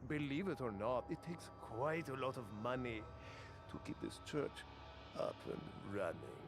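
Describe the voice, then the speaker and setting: An actor playing a smug, sinister older cult leader in a video game, slow and mock-polite. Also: male voice, mid-range voice, lively intonation, lightly acted. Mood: gloating. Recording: game audio over music.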